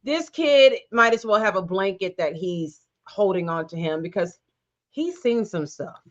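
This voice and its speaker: A woman's voice: medium pitch, animated, unhurried, lo-fi sound. A woman guest in a casual chat, giving teasing, opinionated takes on a reality TV episode. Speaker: guest co-host.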